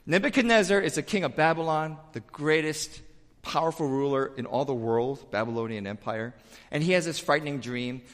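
A male pastor preaching a sermon in a church, talking in an animated, emphatic way and sometimes repeating words in a rush. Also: on the high side, normal speed, long reverb tail. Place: church sanctuary with pews.

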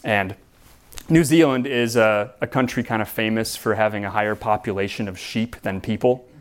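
A man preaching a sermon as pastor, in a relaxed, conversational way with frequent restarts and repeated words. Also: on the low side, moderate pace.

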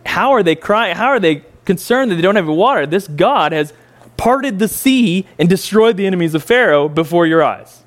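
Man, casual bible teaching, slightly high voice, conversational, rhetorical questions, jumps from incredulous to quiet. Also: expressive, normal speed. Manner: swings from incredulous highs to quiet, low reflection.

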